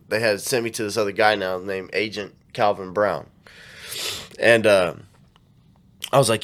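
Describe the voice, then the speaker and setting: A man's voice: on the low side, fairly quick. A man telling a story in casual chat, slangy and profane, acting out what people said. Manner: animated storytelling, acts out quotes, slangy and profane.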